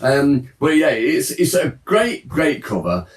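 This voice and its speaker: A man's voice: medium pitch, very animated, takes it slowly. Chatty man, roomy and distant. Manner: chatty, laughs easily. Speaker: host. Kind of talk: casual chat about old music papers.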